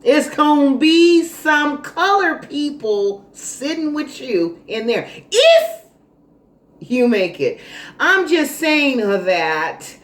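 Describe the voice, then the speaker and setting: A woman vlogger telling a story in a casual monologue, animated, dramatic and sassy. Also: high voice, slow pace. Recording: roomy echo, faint noise.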